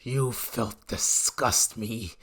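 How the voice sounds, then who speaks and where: A man voicing a scornful young male villain who taunts slowly with soft laughs. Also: mid-range voice, fairly even intonation, breathy edge, exaggerated voice. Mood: taunting.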